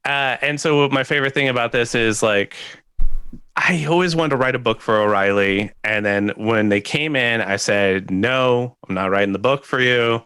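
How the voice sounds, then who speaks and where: Bright-voiced man, laughing casual chat. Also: mid-range voice, moderate pace, clear, resonant tone, no echo, studio quality. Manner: laughs often, self-deprecating, animated storytelling. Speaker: guest developer and educator.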